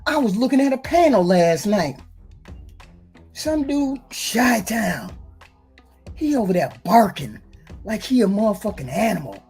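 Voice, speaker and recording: A woman's voice: medium pitch, very animated, a little slow, pauses often, a little mellow, husky, soft background music. A woman giving blunt, profane reaction commentary on dating, lecturing her audience. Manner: blunt, lecturing, heavy swearing.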